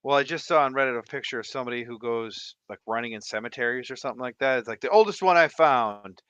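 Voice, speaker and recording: A man's voice: mid-range voice, fast talker, a bit bright, clear, resonant tone, dry recording, lo-fi sound. A man co-hosting a livestream, rambling and laughing as he chats. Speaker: livestream co-host. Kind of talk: casual chat.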